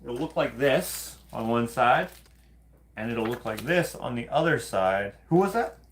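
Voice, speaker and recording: A man from Canada hosting a casual livestream, telling stories in an animated, laughing, loosely profane way. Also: medium pitch, measured pace, a little hiss or hum. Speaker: host of live hangout stream.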